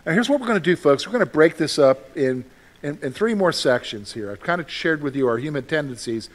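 A man preaches as pastor in a brisk, conversational way, repeating phrases and addressing questions to the congregation. His voice leans high, with lively intonation.

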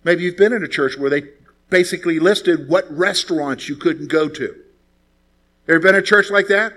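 Pastor preaching with rhetorical questions. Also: male voice, fairly high pitch, normal speed. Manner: conversational preaching with rhetorical questions, lively storytelling. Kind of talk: sermon.

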